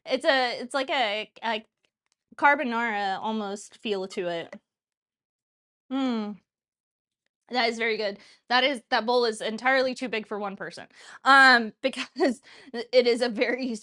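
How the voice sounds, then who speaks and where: A woman's voice: a little high, bright, forceful tone. A woman in her thirties chatting casually while hosting a cooking livestream, rambling and laughing often. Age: 30s. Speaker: cooking show streamer.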